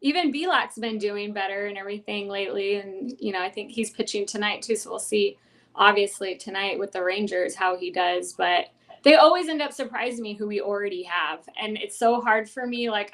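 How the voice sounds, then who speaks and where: A woman's voice: medium pitch, a little fast, fairly bright tone. A woman guest on a sports podcast, chatting casually and eagerly, laughing often between thoughts.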